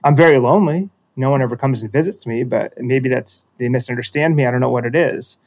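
A man voicing a big, lonely, friendly whale in a spoken story, gentle and wistful. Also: medium pitch, fast, lightly acted.

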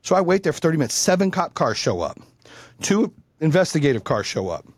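A man's voice: fairly high pitch, big pitch swings, fairly quick, husky, no echo, studio quality. A man telling a heated personal story in casual chat, blunt and profane.

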